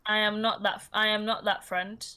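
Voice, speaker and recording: A young woman, co-hosting a podcast in casual chat. She talks in an animated, emphatic way and repeats herself for effect. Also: mid-range voice, a little fast, smooth. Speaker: podcast co-host.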